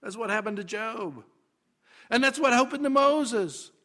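A man preaching a sermon, dramatic, dropping to a hush and then rising to loud emphasis. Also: very high-pitched, animated, measured pace.

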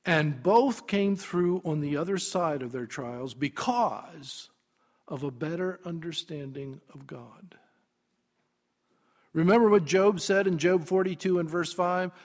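Male preacher, high voice, slow deliberate delivery, dramatic swings from hush to loud. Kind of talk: sermon.

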